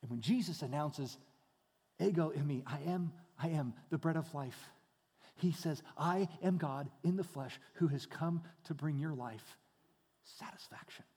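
Man preaching, swings from hushed to loud, slightly high voice, big echoey hall. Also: measured pace, breathy edge. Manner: dynamic preaching, dropping to hushed tones then rising loud. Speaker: pastor. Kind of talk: sermon. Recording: long hall reverb.

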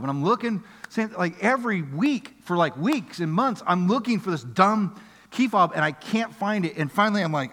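A middle-aged man preaching a sermon, telling a story in a lively, conversational way, going from loud excitement to quiet earnest appeals. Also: high-pitched, brisk. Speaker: pastor. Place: church auditorium. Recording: music under voice in a reverberant hall.

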